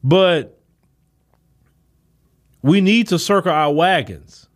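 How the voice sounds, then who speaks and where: Male podcast host, higher-pitched voice, preachy solo commentary. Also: lively intonation, slow pace. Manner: preachy, emphatic, rhetorical questions to listeners.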